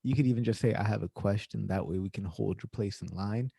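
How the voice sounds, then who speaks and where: A relaxed man hosts a casual online get-together over a video call. His voice sits low and sounds mellow. The sound is dry and close, with no room around it. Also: fairly quick, creaky, husky, no echo. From Canada. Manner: laid-back, says "man" often, fillers. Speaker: host.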